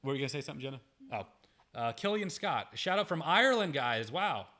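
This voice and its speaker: Bright-voiced man hosting a livestream. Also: fairly high pitch, big pitch swings, brisk. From United States. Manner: chatty, self-deprecating, joking. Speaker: livestream host reading viewer chats. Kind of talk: casual livestream chat.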